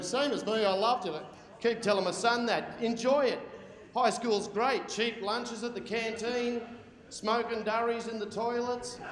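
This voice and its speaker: A man in his forties with an Australian accent doing a crude stand-up routine, teasing the crowd. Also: high-pitched. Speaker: stand-up comedian. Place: large function hall. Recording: echoey hall, loud crowd.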